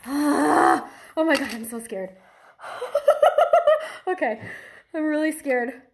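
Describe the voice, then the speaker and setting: A woman's voice: high voice, moderate pace. A woman vlogging to the camera as she tries a strange food, nervous and giggly, laughing through her fear. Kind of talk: casual food-tasting vlog.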